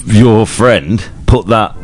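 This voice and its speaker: A man's voice: lowish voice, extremely slow. A man co-hosting a podcast, teasing and wry, swearing casually. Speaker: podcast co-host. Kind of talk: casual crude banter.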